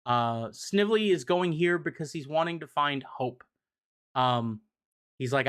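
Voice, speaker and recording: A man's voice: medium pitch, normal speed, a bit bright. Casual young man recapping comics. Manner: rambling with fillers, mild swearing. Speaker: streamer explaining comics.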